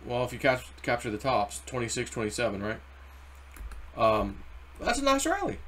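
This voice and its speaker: A man with a middle-of-the-road pitch talks crypto charts in a loose, rambling way. He jumps between numbers and acted-out asides, animated and unscripted. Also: moderate pace. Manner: rambling, animated, acts out quotes. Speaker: crypto YouTuber. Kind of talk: casual chart commentary. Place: car or home desk.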